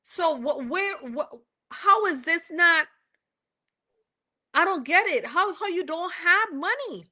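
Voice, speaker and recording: High bright Caribbean woman gossiping. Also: slow. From Virgin Islands. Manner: animated, acts out quoted dialogue. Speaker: podcast co-host. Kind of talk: casual gossip chat.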